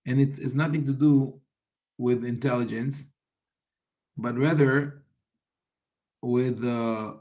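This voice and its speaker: A rabbi explaining religious texts in a thoughtful, unhurried teaching manner, often restarting sentences and quoting Hebrew. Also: male voice, medium pitch, steady tone, darkish tone.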